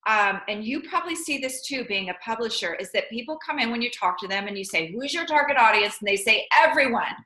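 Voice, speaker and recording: An American woman hosts an interview with gushing enthusiasm, her voice pitched on the high side. Her tone is bright and forceful. She is recorded in a roomy, echoing space. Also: lively intonation, quick pace, hardly any pauses. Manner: effusive, enthusiastic. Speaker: vlog host. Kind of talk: conversational interview.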